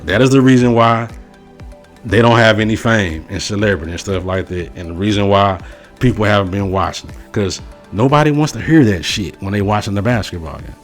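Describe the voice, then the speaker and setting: Male sports-show host, forceful repetitive opinion delivery, fairly low voice. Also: soft background music. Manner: emphatic, repetitive, slow and forceful on key phrases; casual slangy delivery. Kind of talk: opinion rant to camera.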